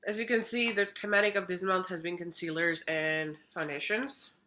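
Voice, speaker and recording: Chatty woman with a bright voice. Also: fairly low pitch, steady tone, normal speed. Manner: chatty, repeats words for emphasis. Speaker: makeup vlogger. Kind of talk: casual product review. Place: home room.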